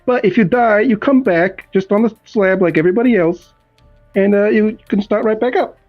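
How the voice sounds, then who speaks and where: A man in an online tabletop game narrates his character's moves in a relaxed way, full of fillers. His audio comes through dull and lo-fi, with faint music behind it. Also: high-pitched, normal speed. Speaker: player. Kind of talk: tabletop role-play, describing his character.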